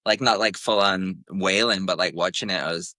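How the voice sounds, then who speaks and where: Deep, bright man in casual chat. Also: steady tone, moderate pace, no echo. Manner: rambling and candid, heavy use of "like". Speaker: podcast co-host.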